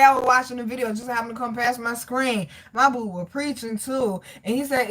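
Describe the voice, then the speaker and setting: A woman giving a casual spiritual tarot reading, reading scripture aloud in an emphatic, preachy way, blunt and profane, talking straight to her viewers. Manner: emphatic and preachy, swings between loud exclamations and low asides. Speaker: tarot reader.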